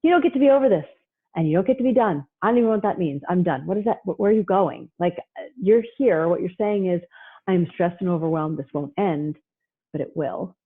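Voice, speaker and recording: A woman psychologist giving a lively parenting talk, animated and mimicking parents and kids as she goes, heard over a video call. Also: medium pitch, fast talker, slightly rough. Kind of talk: lively lecture with acted-out quotes. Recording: tinny phone-like audio.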